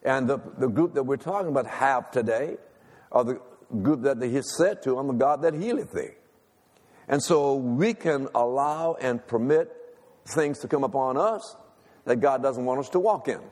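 A man's voice: mid-range voice, normal speed, a little mellow. An older male preacher telling a personal story in a sermon, talking conversationally and asking the congregation to respond. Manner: conversational, calls for audience response. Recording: long reverb of a large hall.

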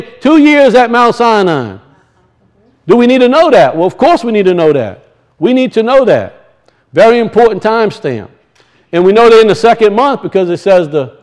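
A man teaching from scripture to a congregation, asking questions, answering them himself and repeating key points. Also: high-pitched. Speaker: bible teacher. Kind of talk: teaching sermon.

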